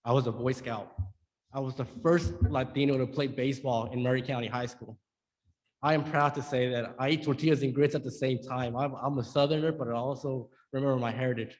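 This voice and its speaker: A young man from Georgia giving earnest, emotional testimony to a legislative committee, with halting repeats. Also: mid-range voice, steady tone, darkish tone, big-room sound. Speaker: public witness. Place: hearing room.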